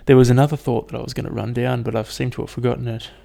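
A young man talking alone on his podcast in a loose, rambling way, full of swearing and fillers. His voice has a gravelly, creaky texture at a middling pitch. He sounds casual and unscripted throughout. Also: little pitch movement, racing, mellow. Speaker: podcast host. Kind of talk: casual solo podcast monologue.

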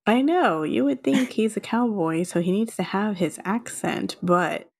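A woman from Texas co-hosting a podcast, chatting casually with frequent laughs and quick asides. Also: mid-range voice, husky. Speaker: podcast co-host. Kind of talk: casual chat.

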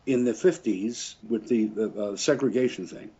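An older man who plays the French horn tells rambling anecdotes in a casual interview, often chuckling and correcting himself. His voice is medium in pitch, moderately paced, mellow and slightly rough. The recording is dull and lo-fi.

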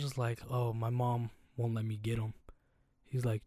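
A man's voice: mid-range voice, normal speed, no echo, clean studio sound. Slangy young man telling stories. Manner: slangy, animated storytelling with lots of "bro". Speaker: podcast co-host. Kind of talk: casual podcast chat.

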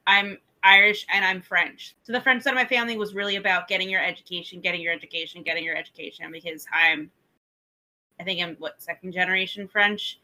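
A woman's voice: lowish voice, steady tone, fast, pushed and bright, poor audio. A woman co-hosting a podcast in casual chat, chatty and blunt, swearing freely. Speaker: podcast co-host.

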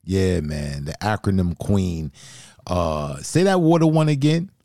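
A man hosts a spoken word podcast in a relaxed, slangy way, laughing often. His voice sits low with a gravelly edge. The sound is dry and close. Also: measured pace, no room sound. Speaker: podcast host. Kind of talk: casual chat.

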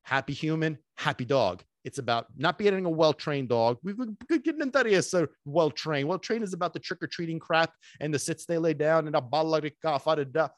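A man hosting a solo podcast as a dog trainer, talking in an excitable, emphatic way and dropping in Sicilian phrases and casual swearing. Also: on the high side, a little fast, hardly any pauses, dry recording. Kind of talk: energetic solo podcast talk.

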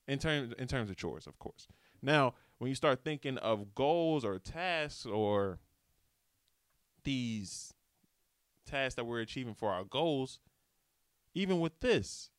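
A man hosting his own podcast, talking casually and motivationally in loose slang. His voice is smooth and clear at a middle pitch. He is recorded close on a microphone in a dry space. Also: no echo. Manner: relaxed, slangy, repeats himself. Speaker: podcast host. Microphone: studio microphone.

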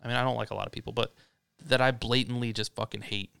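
A man's voice: mid-range voice, steady tone, fast talker, vocal fry, sharp tone, clean tone, no echo, studio quality. A young adult man co-hosting a casual podcast, venting heatedly and swearing often about work. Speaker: podcast co-host.

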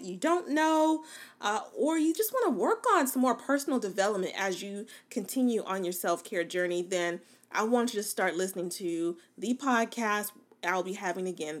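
A woman hosting her own podcast, telling a story in a chatty, colloquial way, laughing often and talking straight to her listeners. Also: fairly high pitch. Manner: animated, playful asides to listeners. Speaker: podcast host. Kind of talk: casual storytelling monologue.

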